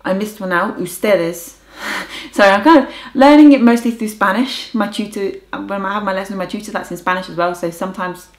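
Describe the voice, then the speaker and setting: A young woman talks through her language learning in a chatty, enthusiastic way and tries out foreign words as she goes. Her voice sits at a middle pitch. The room gives it a noticeable echo. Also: brisk. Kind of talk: casual vlog talk. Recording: roomy echo.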